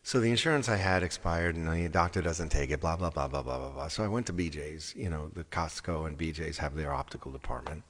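A man's voice: very deep voice, fairly quick, hardly any pauses, breathy edge, in a large hall. Exasperated man rambling through a story. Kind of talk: casual storytelling monologue.

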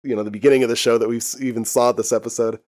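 A man's voice: mid-range voice, level tone, very fast, darkish tone. A young man co-hosting a podcast, casually recapping a TV episode, laughing often and swearing freely. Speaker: podcast co-host. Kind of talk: casual chat recapping a TV show.

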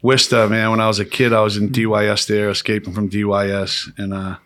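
A man, hosting a podcast and telling profane, animated stories with laughs. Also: lowish voice, fast. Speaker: podcast host. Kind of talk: casual storytelling chat.

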